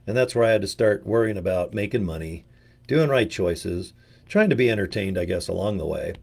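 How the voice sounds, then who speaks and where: An older American man rambles through a casual monologue, cracking jokes and dropping slang as he goes. His voice sits low. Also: animated, a little fast, vocal fry. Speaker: video presenter. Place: home in Utah.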